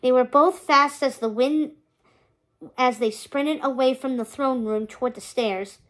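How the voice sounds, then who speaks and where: A woman's voice: high-pitched, unhurried, fairly bright tone. A woman narrating a children's chapter book aloud, reading steadily.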